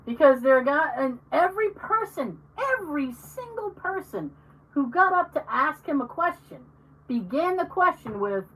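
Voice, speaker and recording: Woman, podcast co-host, high pitch, very lively intonation, acts out quotes, slightly distant mic. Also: moderate pace. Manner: animated storyteller, acts out quoted people, swears. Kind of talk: casual chat.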